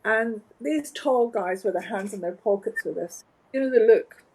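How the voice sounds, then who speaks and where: A Scottish woman, a guest from the flower trade, telling stories in an animated, wry and emphatic way. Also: a little high, moderate pace, slight background noise, rough recording. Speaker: interview guest, floral industry organizer. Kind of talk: conversational storytelling.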